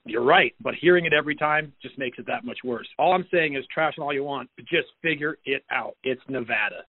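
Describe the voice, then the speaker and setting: A man's voice: mid-range voice, brisk, husky. A man leaving an exasperated, profane voicemail to a podcast. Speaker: voicemail caller. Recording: tinny phone voicemail.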